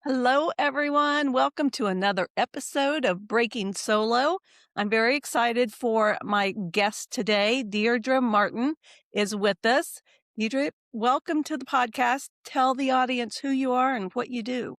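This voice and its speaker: A woman's voice: on the high side, measured pace, fairly bright tone, no room sound, clean studio sound. A woman hosting a podcast interview, asking her guest questions in an upbeat way. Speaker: podcast host.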